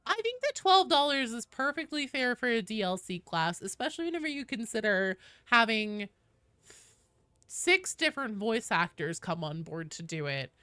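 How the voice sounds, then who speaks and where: A woman's voice: a little high, big pitch swings, normal speed, sharp tone, clear, resonant tone, no echo. A young woman streaming a game from her home office, chatting casually with her viewers and reading out the queue. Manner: chatty, talks to chat and her cat. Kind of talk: casual live-stream chat. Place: home office with door closed.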